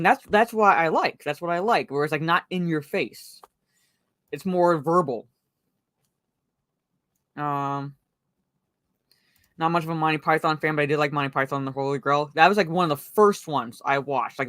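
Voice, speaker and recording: A woman's voice: low voice, moderate pace, long pauses, a bit bright, no room sound. A woman hosting a casual live stream, chatting about a movie and greeting viewers from the chat. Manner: chatty, greets viewers and reads chat messages aloud, frequent fillers. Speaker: livestream host.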